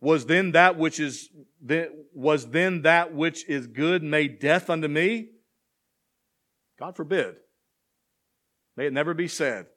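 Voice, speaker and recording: This pastor's voice is fairly high and fairly bright, and he speaks slowly with frequent pauses. His sermon rises in intensity, drawing the congregation in with call-and-response questions before reaching emphatic passages.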